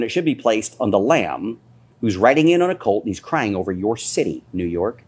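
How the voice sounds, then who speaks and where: A man preaching a fiery, scolding sermon as a pastor, his voice climbing higher as his intensity builds. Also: big pitch swings, normal speed, a little mellow, breathy edge.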